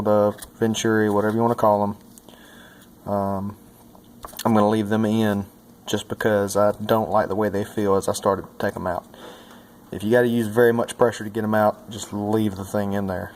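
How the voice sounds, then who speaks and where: A man with a lowish voice talks through a hands-on repair. He is folksy and relaxed and fills his pauses with ums and uhs. A faint background hum sits under his voice. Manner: casual, folksy, thinks aloud with many fillers. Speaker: mechanic and channel host.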